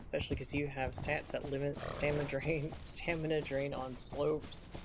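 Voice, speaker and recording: A male streamer talks his way through a game in an easy, rambling manner, musing aloud as he goes. Clear hoofbeats and game ambience run loudly beneath his voice. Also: a little high, level tone, moderate pace, background noise. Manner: rambling, thinking aloud while playing. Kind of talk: casual live gameplay commentary.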